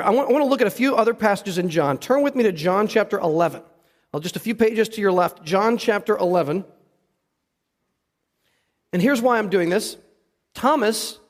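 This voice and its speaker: A pastor with a high-pitched, expressive voice preaches a sermon in a church sanctuary that sounds like a large hall. He speaks briskly and conversationally, pausing often and putting questions to the congregation.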